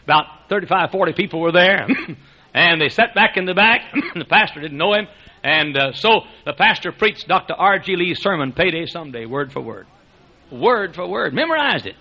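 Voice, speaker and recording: Chuckling folksy older preacher. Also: male voice, sits high, animated, moderate pace. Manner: folksy storytelling, chuckling, swings to loud exclamations. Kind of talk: sermon. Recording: dull lo-fi sermon recording.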